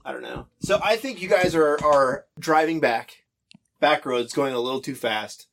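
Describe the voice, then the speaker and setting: A man running a tabletop role-playing game as game master, narrating in a halting, laughing way and briefly acting out side characters. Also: fairly high pitch, gravelly, fairly bright tone. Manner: halting, laughing, acts out soldiers' lines.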